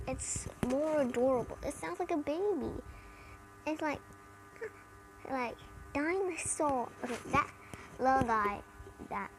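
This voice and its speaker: A woman's voice: high voice, poor audio. A woman with an American accent chatting casually in a review video, rambling with many "like" fillers. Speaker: cartoon reviewer. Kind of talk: casual chat.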